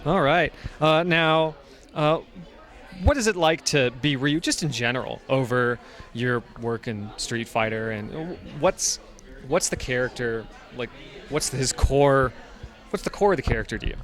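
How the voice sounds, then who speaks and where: A man interviewing a guest at a convention, asking quick, upbeat fan questions. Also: medium pitch, a bit bright.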